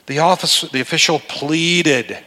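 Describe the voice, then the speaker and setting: A man's voice: mid-range voice, unhurried, sharp tone. A middle-aged male pastor preaching a sermon in a church, conversational and emphatic, acting out the people he quotes. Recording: long hall reverb.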